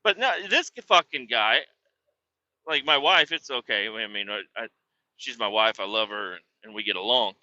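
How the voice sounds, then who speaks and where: A man hosting a comedy podcast, ranting with heavy profanity and sudden bursts of shouting. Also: fairly low pitch, normal speed, no room sound. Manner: profane, erupts into shouting tirades. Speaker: podcast host. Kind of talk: comedic rant. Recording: dull lo-fi recording.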